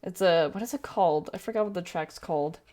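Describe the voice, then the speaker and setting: A woman's voice: lowish voice, fast talker, dark tone. A woman in her twenties chatting casually while drawing on a livestream, rambling along with lots of fillers and self-corrections. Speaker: streamer.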